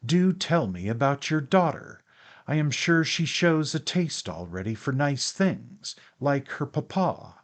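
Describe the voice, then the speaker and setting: A man voicing a gentle, tactful young mother in an audiobook, speaking softly and coaxingly. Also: fairly high pitch, very animated, unhurried, pitched above the performer's own voice. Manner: soft, coaxing, half-whispered.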